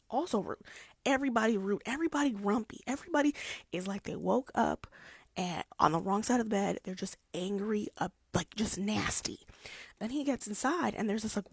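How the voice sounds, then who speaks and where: A young woman vlogger chatting casually about a classic novel, playful and animated, slipping into quick character voices. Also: mid-range voice, vocal fry, husky, no echo. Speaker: book vlogger. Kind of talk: casual chat.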